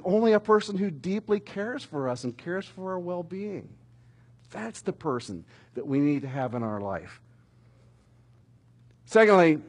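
A middle-aged man preaching a sermon, telling stories with animated emphasis that rises toward shouting at dramatic moments. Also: on the high side, husky. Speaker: pastor.

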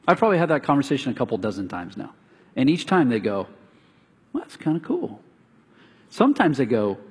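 A man's voice: medium pitch, breathy edge. A middle-aged man preaching as a pastor, telling stories and acting out the lines of the people in them. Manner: animated storytelling, acts out neighbors' lines. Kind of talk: sermon. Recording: reverberant hall.

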